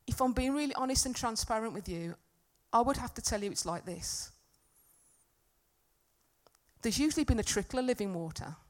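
A woman delivering a sermon in a church hall, with a voice sitting a little high. She talks earnestly, rising to loud emphatic peaks and then sinking back to a soft, confiding tone. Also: lively intonation, fast talker. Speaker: preacher.

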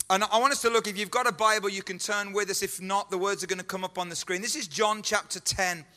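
A man delivers an earnest sermon, pressing his point with repeated lines and rhetorical questions. His voice sits high and sounds bright and forceful. It rings with the long echo of a church hall. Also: a little fast. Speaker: pastor. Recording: echoey hall.

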